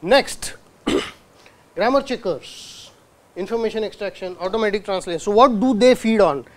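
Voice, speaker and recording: A man's voice: high-pitched, animated, normal speed. Male lecturer asking rhetorical questions. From India. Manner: asks the audience rhetorical questions, demonstrates sounds. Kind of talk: university lecture.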